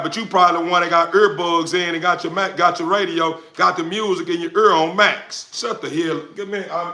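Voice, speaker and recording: A man ranting at his chat on a livestream, his voice bright and forceful and pitched a little high. He talks in loose, slangy bursts, repeating phrases as he pushes back at critics. He has no mic clipped on, so the sound comes from the phone or camera. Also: moderate pace, hardly any pauses. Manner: loud, confrontational, repetitive, slangy. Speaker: dog breeder streamer answering chat. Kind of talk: livestream rant to viewers. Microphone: no lapel mic, phone or camera mic.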